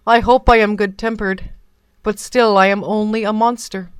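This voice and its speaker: A woman voicing a gentle, unhappy male beast who speaks with awkward, melancholy politeness. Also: medium pitch, fairly even intonation, normal speed, clean tone, dry recording, natural voice. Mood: sighing.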